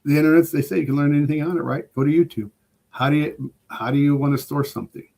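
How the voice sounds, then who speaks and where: A man's voice: fairly high pitch, fairly even intonation, fast talker, gravelly, dark tone. An older man, a retired chef and prepper, chatting casually as a podcast guest in an enthusiastic, rambling way. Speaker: guest preparedness expert.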